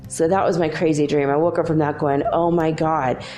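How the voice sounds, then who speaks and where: A middle-aged woman hosting a podcast, telling a dream in a chatty, animated way and laughing often. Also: sits low, fast, soft background music. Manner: chatty, animated, laughs often, quotes herself and her son. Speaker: podcast host. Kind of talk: casual spiritual storytelling.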